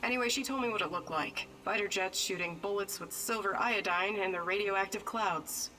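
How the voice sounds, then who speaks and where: A woman's voice: medium pitch, normal speed, pushed and bright, recorded from a distance, close to an everyday voice, low-quality recording. A woman playing a bitter, distrustful stalker. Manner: grim, vengeful, matter-of-fact.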